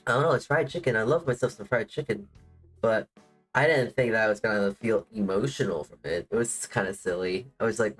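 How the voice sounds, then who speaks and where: A man's voice: mid-range voice, lively intonation, normal speed, a bit bright, rough recording. A man streaming as a VTuber, chatting casually in a rambling way, full of "like" fillers and self-deprecating asides. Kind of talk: casual livestream chat. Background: faint music playing.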